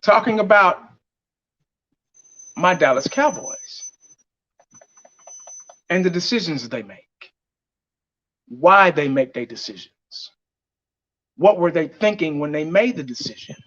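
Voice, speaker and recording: A man's voice: on the high side, lively intonation, slow, long pauses, fairly bright tone. A man giving blunt, heated fan commentary on his vlog, laughing mockingly as he rants. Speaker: fan vlogger. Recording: dull lo-fi audio.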